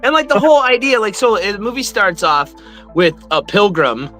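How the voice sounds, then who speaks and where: A man co-hosting a horror movie review show in casual chat, excitable, laughing often and swearing freely. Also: sits high, normal speed, soft background music.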